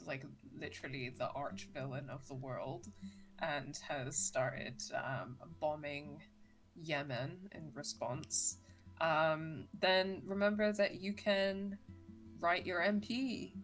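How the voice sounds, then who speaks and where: A woman's voice: sits low, steady tone, slow, a bit bright, soft background music, low-quality recording. A woman co-hosting a let's play, chatting casually and teasing her partner while making outspoken political asides. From United Kingdom. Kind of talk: casual chat over gameplay.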